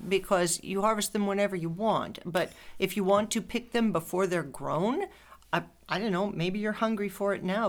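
A woman co-hosting a casual gardening chat, explaining plainly and laughing easily. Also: on the low side. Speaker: co-host, urban farmer.

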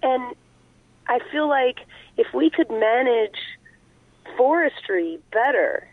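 A woman's voice: on the high side, lively intonation, slow pace, dry recording. A woman guest talking earnestly over the phone, explaining her views in long, run-on thoughts. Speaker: guest on a call-in interview. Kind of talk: conversational explanation. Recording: tinny phone line.

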